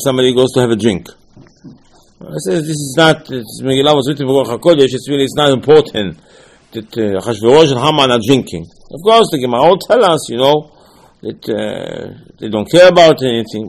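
A man's voice: medium pitch, animated, a little fast, vocal fry, poor audio. A man giving an informal Torah lesson in a conversational way, with frequent restarts and Hebrew terms mixed into his speech. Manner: conversational, repeats himself, frequent restarts and fillers.

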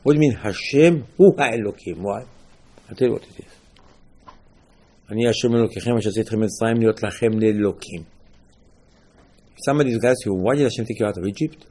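A man giving an animated Torah class, asking and answering his own rhetorical questions. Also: fairly low pitch, very fast, pauses often, husky. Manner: animated, rhetorical questions, lively emphatic teaching.

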